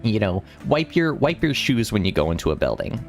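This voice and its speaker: A young man streaming, telling an anecdote in casual chat with a rambling, animated delivery. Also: lowish voice, fairly quick, vocal fry, faint music behind. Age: young adult. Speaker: streamer host.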